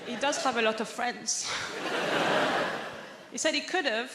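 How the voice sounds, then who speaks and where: A woman with a fairly high voice gives a deadpan stand-up set, pausing before her punchlines. Her voice echoes around a big theatre with a long reverb, over loud room noise. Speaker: stand-up comedian. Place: large theatre on stage. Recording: echoey live theatre hall, loud ambience.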